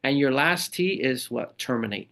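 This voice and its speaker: This middle-aged podcast guest, a leadership speaker, has a gravelly, medium-pitched voice and a moderate pace. His casual interview talk is full of energetic stories, and he slips into the voices of the people he quotes.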